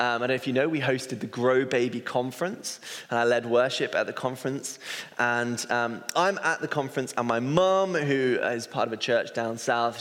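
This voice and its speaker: A man's voice: medium pitch, fairly bright tone. A man in his thirties, an associate pastor, telling a personal story in a chatty sermon and often correcting himself mid-sentence. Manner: chatty, self-correcting, anecdotal. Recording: long hall reverb.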